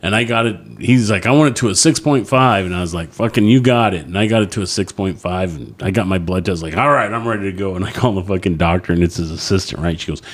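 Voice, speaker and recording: A man's voice: low-pitched, quick pace, few pauses. A man co-hosting a comedy podcast, telling crude, profanity-heavy stories with frequent laughter. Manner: profane, animated storyteller, laughs often. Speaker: podcast co-host.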